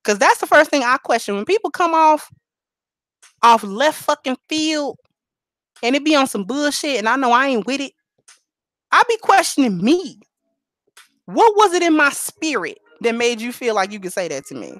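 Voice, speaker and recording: A woman holds forth on her live stream in a blunt, profane, preachy way. Her voice rises and falls through a lively range. The sound is dry and close, with no room echo. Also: sits high, normal speed, long pauses. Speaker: livestream host. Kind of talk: casual live-stream talk.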